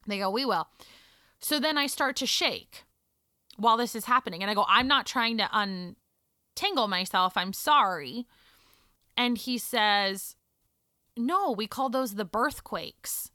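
Woman, 30s, chatty storyteller, bright crisp voice, animated with quiet hushed moments. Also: mid-range voice, a little slow, long pauses, no room sound, clean studio sound. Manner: animated, drops to a hush for emotional moments. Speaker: guest telling her birth story. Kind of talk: casual storytelling chat.

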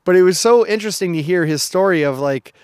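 A man, a gym coach and podcast co-host, telling stories in a lively, chatty way and laughing often. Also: sits high, quick pace, smooth, dry recording, studio quality. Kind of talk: casual chat, anecdotal storytelling.

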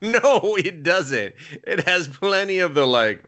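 A man co-hosting a casual podcast chat, talking in an animated way with lots of swearing and mocking put-on quotes. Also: high-pitched, takes it slowly. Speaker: podcast co-host.

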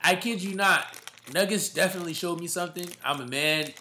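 A man's voice: high voice, fairly quick, sharp tone, a little hiss or hum. A man hosting casual sports talk, emphatic and slangy, often calling people bro.

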